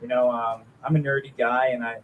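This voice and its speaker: A man's voice: medium pitch, level tone, fairly quick, narrow, tinny audio, a little hiss or hum. A young man doing a rambling, self-deprecating stand-up set at a small open mic, chatting with the crowd. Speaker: stand-up comic.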